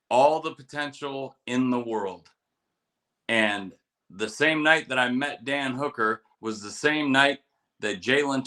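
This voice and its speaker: Bright-voiced man telling war stories. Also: mid-range voice. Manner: storytelling, profane, animated quotes. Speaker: podcast co-host, military veteran. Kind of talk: casual chat with fight picks.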